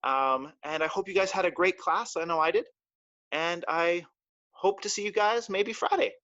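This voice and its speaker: A man's voice: high-pitched, moderate pace, sharp tone, no echo, dull audio. A martial arts teacher, a man, giving a playful lesson to children and acting out little voices. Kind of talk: talk to children in class. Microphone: livestream mic.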